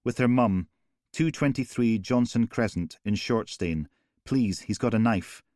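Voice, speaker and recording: A man's voice: lowish voice, a little slow, darkish tone, no room sound, studio quality, lightly acted. A man voicing a frantic young woman on an emergency call, pleading and breathless.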